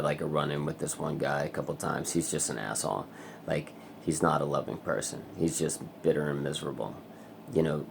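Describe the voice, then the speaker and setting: A man's voice: extremely low pitch, gravelly, a little mellow, a little hiss or hum. A man angrily ranting in a personal vlog, swearing a lot. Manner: angry, profane ranting. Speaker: vlogger. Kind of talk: vlog rant.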